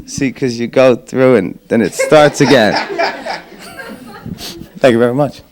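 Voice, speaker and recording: A man performing a stand-up comedy set in a club, animated and punchy, with mock-exasperated rants. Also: medium pitch, measured pace, background noise.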